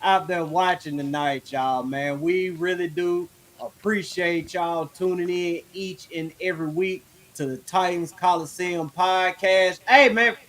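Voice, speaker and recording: High bright laid-back man. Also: steady tone, a little slow, few pauses. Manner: laid-back, profane, says "man" constantly. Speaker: podcast co-host. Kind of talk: casual sports podcast chat.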